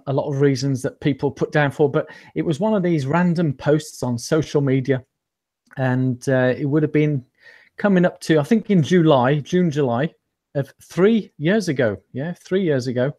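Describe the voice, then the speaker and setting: An amateur runner, interviewed as a guest, tells his story in a casual, rambling chat, full of ums, restarts and self-deprecation. His voice is a little high and darkish in tone, at normal speed.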